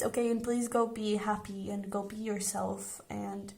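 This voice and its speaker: A woman's voice: mid-range voice, flat delivery, unhurried, gravelly, mellow. A young woman giving a casual pick-a-card tarot reading, earnest and reassuring, often checking in with "okay?". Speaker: tarot reader.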